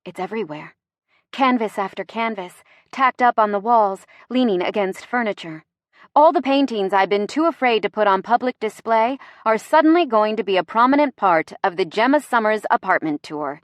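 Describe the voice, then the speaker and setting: A woman narrating a first-person romance audiobook with playful expression. Her voice sits at an ordinary middle pitch. The sound is dry and close, with no room around it. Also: lively intonation, normal speed, no echo.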